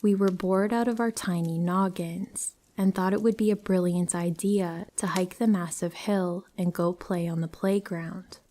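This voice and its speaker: A woman narrating a true horror story aloud in a slow, unhurried way. Her voice sits low for a woman and sounds dark and mellow. She tells it in a calm, measured manner.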